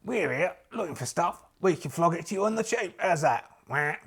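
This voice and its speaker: A man's voice: fairly high pitch, expressive, moderate pace, gravelly, fairly bright tone, husky, exaggerated voice. A man voicing a cheeky male duck adventurer in a solo tabletop role-play, with a matey, wheedling sales patter. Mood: chummy.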